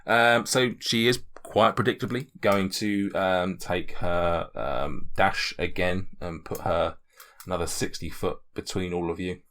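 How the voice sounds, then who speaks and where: A man with a deep, forceful voice runs a tabletop game as its game master. He narrates loosely and hesitantly, stopping often to restart a phrase. The sound is bright and a little tense. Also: measured pace. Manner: relaxed, hesitant, with many ums and restarts.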